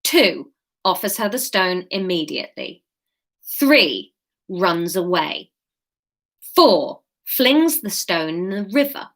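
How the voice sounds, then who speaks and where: A woman's voice: fairly low pitch, very animated, slow pace. A woman hosting an interactive live-stream story, reading it aloud and breaking off for chatty asides to viewers. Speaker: host and storyteller.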